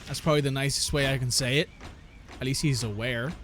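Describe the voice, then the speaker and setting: A gamer commentates casually while playing a video game with friends, rambling, joking and interrupting himself. He talks fast in a steady, mid-range, fairly bright voice, with slight background noise.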